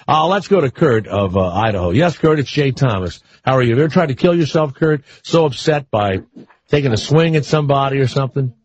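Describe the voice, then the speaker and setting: On a muffled, lo-fi radio broadcast, an older talk show host wisecracks and rambles through loose asides with callers and co-hosts. His voice is on the high side and slightly rough.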